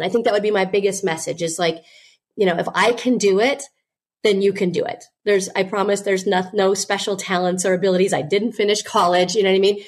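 A woman guest and business owner telling her story earnestly, with frequent "you know" fillers. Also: medium pitch. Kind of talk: candid interview storytelling.

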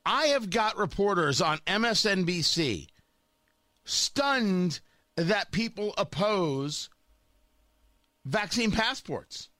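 A man's voice: sits high, sing-song, slow, long pauses, bright, forceful tone, dry recording. A man delivering a sarcastic, combative opinion monologue as a talk show host.

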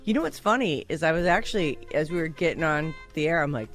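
A woman radio host in casual, joking banter with her co-hosts, teasing and sarcastic and quick to laugh. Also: low-pitched, animated, faint music behind. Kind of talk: casual banter on a morning show.

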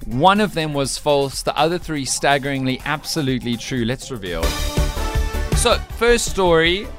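A man's voice: on the high side, sing-song, normal speed, fairly bright tone, soft background music. A man hosting a playful radio news quiz, teasing his co-hosts and laughing often. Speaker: radio show host.

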